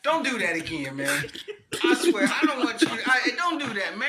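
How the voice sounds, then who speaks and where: A man co-hosting a casual podcast chat, loud and exclaiming, laughing and swearing as he rants. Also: very high voice, normal speed, a loud crowd. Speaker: podcast co-host. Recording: echoey room with steady noise.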